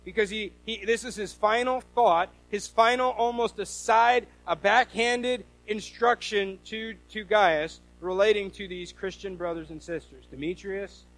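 Animated high-voiced male preacher. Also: measured pace, few pauses, poor audio. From US Northwest. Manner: animated storytelling with quoted voices. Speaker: pastor. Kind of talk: sermon.

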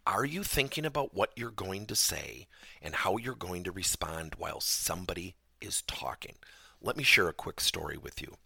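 A man's voice: sits low, animated, normal speed, gravelly, pushed and bright, breathy edge, no room sound, clean studio sound. A man hosting a podcast lesson, telling personal stories and asking the listener emphatic rhetorical questions. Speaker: podcast host and workplace trainer.

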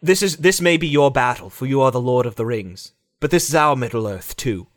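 A man's voice: medium pitch, brisk, no room sound, clean studio sound, lightly acted. Legolas, a man putting on a solemn elf. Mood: mock-solemn. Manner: mock-solemn, grandiose. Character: noble male elf warrior, solemn. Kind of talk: casual chat.

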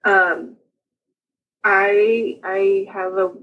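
A young woman with a slightly husky voice tells her own story as a guest on an interview show. She talks casually and quickly, with chatty asides, and laughs often through her anecdotes. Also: mid-range voice, level tone, dull audio.

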